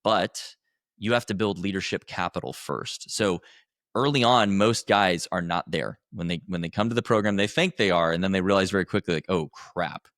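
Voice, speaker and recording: A man's voice: deep voice, brisk, a bit bright, no echo, studio quality. A man speaking as a podcast guest, earnest and rambling, with frequent restarts. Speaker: podcast guest, coach for husbands. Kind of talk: conversational interview.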